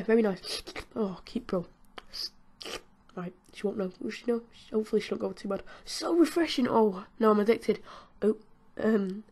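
A warm, mid-range female voice belongs to a British woman who hosts a gaming channel. She gives giggly, chatty commentary while playing, casually talking to the game's characters as she goes.

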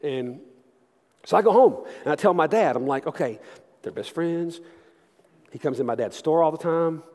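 A middle-aged man, a senior pastor preaching a sermon and telling a story. His delivery is animated, swinging from loud to hushed. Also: a little high, brisk. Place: large church sanctuary. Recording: long church reverb.

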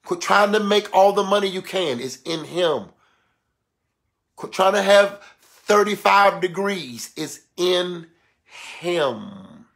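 A man preaching a sermon, swinging between emphatic shouts and hushed, low passages, calling out to his listeners. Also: unhurried, pauses often. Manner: calls out exclamations and asks the listeners for response.

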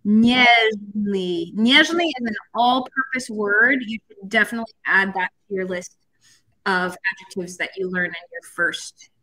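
A woman's voice: mid-range voice, unhurried, pushed and bright, low-quality recording. A woman teaching a language lesson on a live stream, explaining step by step and chatting with viewers. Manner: chatty, explains step by step, reads chat comments.

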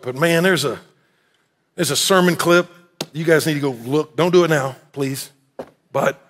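A man preaching a sermon as pastor, telling the story with animated acted-out voices. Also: medium pitch. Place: church sanctuary. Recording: echoey church hall.

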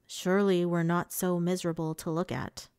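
A woman's voice: fairly low pitch, little pitch movement, moderate pace, a little mellow, clean tone, no echo, studio quality, natural voice. A woman voicing a vain, mocking male fae emissary in an audiobook, with a smug, teasing delivery. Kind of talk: audiobook character reading.

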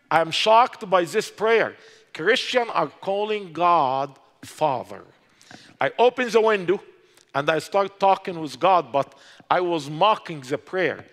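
An Egyptian man with a high, fairly bright voice preaches his conversion testimony in a large hall with long reverb. His delivery is impassioned and builds to urgent exhortation. His grammar is halting and non-native.

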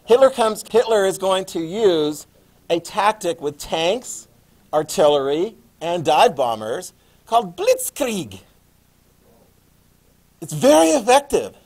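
A male history teacher lecturing a classroom in a playful, animated way, adding sound effects. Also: high voice, measured pace.

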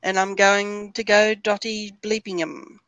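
A woman's voice: medium pitch, level tone, unhurried, a bit bright, no room sound, poor audio. An Australian woman guesting on an art stream, chatting as she crafts, with dry joking asides. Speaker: guest artist. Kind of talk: casual chat while crafting.

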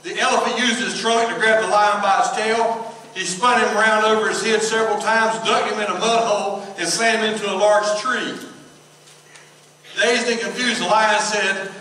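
Male pastor, bright high voice, call-and-response sermon, heard from a distance in a big reverberant hall. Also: steady tone. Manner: call-and-response preaching, reads scripture slowly, tells jokes. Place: church sanctuary. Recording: echoey church hall from far off.

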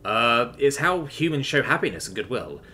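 Voiced by a man, an earnest spaceship captain in a sci-fi audiobook talks with lively, animated pitch. He sounds friendly and eager to explain. The voice stays bright and clear. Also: moderate pace, faint music behind. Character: friendly human male captain, earnest and apologetic.

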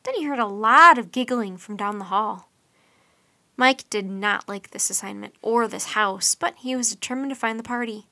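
Bright, lively woman reading a storybook. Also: fairly high pitch, no room sound. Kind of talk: children's storybook read-aloud.

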